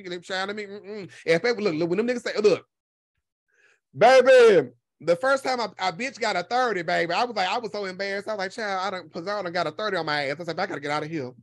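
A man's voice: very high voice, no room sound, studio quality. A man, a content creator, giving casual solo commentary in a sassy, profane, emphatic way, often repeating his points for effect. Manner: animated storytelling with laughter.

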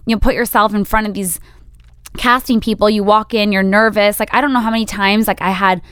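A woman's voice: mid-range voice, fairly even intonation, brisk, fairly bright tone, smooth, dry recording, studio quality. A woman co-hosting a podcast, talking in a chatty way, thinking aloud and filling her talk with "like". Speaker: podcast co-host. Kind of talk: casual chat.

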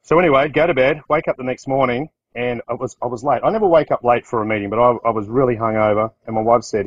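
A middle-aged man with an Australian accent tells business stories in a loose, rambling way, often restarting and acting out what people said. His voice sits at an ordinary pitch for a man. The recording is dry, with no room echo. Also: fast talker, hardly any pauses, lo-fi sound. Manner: rambling anecdotes with restarts, acts out quotes. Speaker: business owner. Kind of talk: casual storytelling talk.

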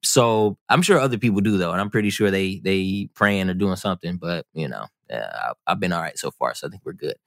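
A man's voice: low voice, animated, a little fast, creaky, few pauses, dry recording, studio quality. A man telling a personal story on a podcast in a casual, rambling, self-mocking way. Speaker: podcast guest.

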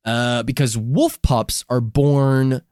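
A man's voice: medium pitch, steady tone, slow, a little mellow, smooth, dry recording, studio quality. A man co-hosting a podcast in casual, crude, joking chat, explaining research along the way. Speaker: podcast co-host.

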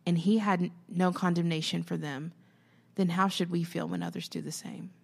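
A woman's voice: lowish voice, fairly even intonation, creaky. A woman with a Southern American accent co-hosting a casual Bible study talk. She searches for her words and speaks directly to listeners. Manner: slow, searching for words, warm-hearted asides to listeners. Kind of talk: casual faith discussion.

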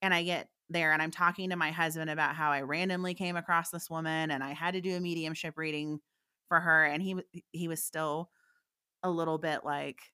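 A woman's voice: low-pitched, steady tone, a little fast, sharp tone, clean tone. A woman, a psychic medium guest, telling a story in a candid, chatty way and laughing often. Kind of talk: casual anecdotal storytelling.

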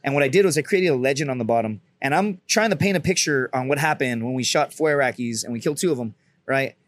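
A former Marine sniper telling rambling, profane war stories in casual chat, full of restarts. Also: male voice, mid-range voice, quick pace. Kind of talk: casual storytelling.

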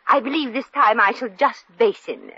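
A woman's voice: fairly high pitch, normal speed, sharp tone, breathy edge, dry recording. A woman playing a brassy young woman who puts on a grand manner and keeps tripping over her fancy words, in 1940s radio comedy. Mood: putting on airs. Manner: affected grand manner with comic slips of speech. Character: brassy young woman putting on airs of a lady. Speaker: hotel guest. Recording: dull lo-fi old radio recording.

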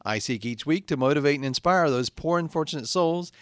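A man hosting a comedy podcast, playing an exasperated, deadpan straight man and reading a mock-motivational intro. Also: on the high side, a little fast, clean tone, no echo, studio quality. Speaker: podcast host.

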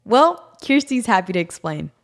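A woman hosting the segment, reading scripted narration between interview clips with a bright presenter delivery. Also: medium pitch, very animated, normal speed, vocal fry. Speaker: show host and narrator.

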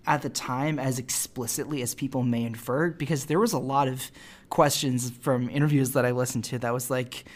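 A woman on a podcast talking casually about a film, halting often with fillers and restarts. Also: rumbling low, fairly even intonation, darkish tone. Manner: hesitant, many fillers and restarts. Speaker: podcast co-host.

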